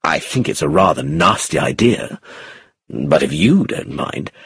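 A reserved husband, torn by guilt, pleads in a husky, breathy voice, as a male reader plays him. His delivery is slow and the pitch swings widely. The recording is dry and close. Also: sing-song, fairly bright tone, dry recording, exaggerated voice. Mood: disapproving. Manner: emotional, pleading. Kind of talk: audiobook character reading.

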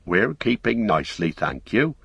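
A man's voice: fairly low pitch, very animated, moderate pace, vocal fry, fairly bright tone, husky, dry recording, highs cut off, full character voice. A man voicing a polite but indignant middle-aged hobbit housewife in a storybook reading.

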